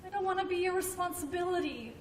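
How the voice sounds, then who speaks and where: A woman's voice: extremely high pitch, quick pace. An actress playing a childlike, anxious grown woman who talks earnestly and stammers when upset. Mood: pleading. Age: adult. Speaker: grandmother's grown daughter. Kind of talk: film drama acting. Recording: roomy, distant film sound, faint noise.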